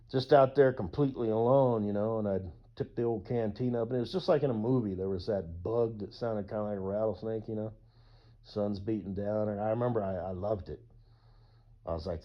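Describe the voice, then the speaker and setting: Rambling, profane man on lo-fi audio. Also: lowish voice. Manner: rambling, profane, with whooping asides. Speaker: YouTuber. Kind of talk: casual rambling monologue.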